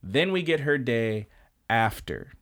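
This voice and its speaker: A young man co-hosting a podcast, recapping an anime in an animated, rambling and profane way. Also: medium pitch, takes it slowly. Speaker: podcast co-host. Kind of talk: casual anime recap chat.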